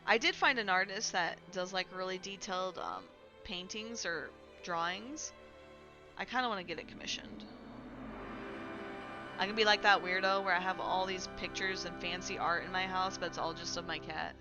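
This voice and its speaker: A woman's voice: fairly low pitch, normal speed, lo-fi sound. A woman streaming live in a casual, chatty way at home, laughing often and talking to her cat. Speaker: Twitch streamer. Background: faint music from a playlist.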